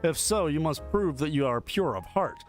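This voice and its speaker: A man's voice: fairly high pitch, lively intonation, moderate pace, faint music behind, close to an everyday voice. A man voicing an immortal angel guardian who speaks in a formal, ceremonial way. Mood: solemn. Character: grand immortal angel guardian, male, solemn.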